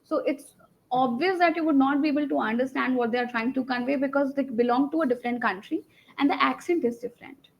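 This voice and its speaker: High-voiced Indian woman correcting English. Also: fast talker, gravelly, dull audio. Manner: corrective, firm, explains patiently. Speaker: English conversation trainer. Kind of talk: online one-on-one English lesson.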